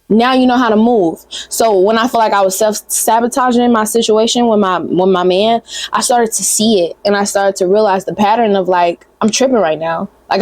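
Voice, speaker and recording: A woman's voice: fairly high pitch, a little mellow, dry recording. A young woman, giving a blunt, profane, sisterly pep talk straight to camera in a casual vlog. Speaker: vlogger.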